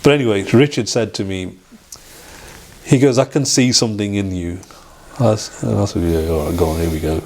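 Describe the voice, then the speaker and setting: A middle-aged man, an interview guest telling a personal story in a halting way, with restarts and acted-out quoted dialogue. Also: lowish voice, darkish tone.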